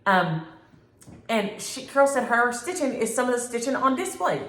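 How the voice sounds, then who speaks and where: A woman's voice: fairly high pitch, normal speed. Chatty woman, roomy room. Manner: chatty, animated storytelling with playful exaggeration. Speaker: cross-stitch vlogger. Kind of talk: casual chat reading viewer comments.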